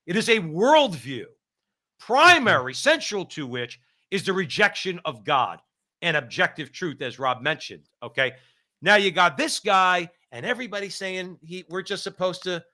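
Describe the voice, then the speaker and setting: A man in his fifties from New Jersey, hosting a political talk show and telling stories in an animated way, with many repeats and asides. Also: high voice, normal speed. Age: 50s. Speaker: host.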